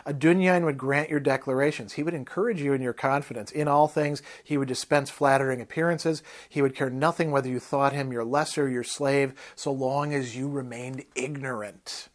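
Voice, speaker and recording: A man's voice: mid-range voice, fairly even intonation, normal speed, few pauses, natural voice. A man reading aloud the lines of a fierce male barbarian warrior who talks in a blunt, contemptuous, lecturing way. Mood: scornful.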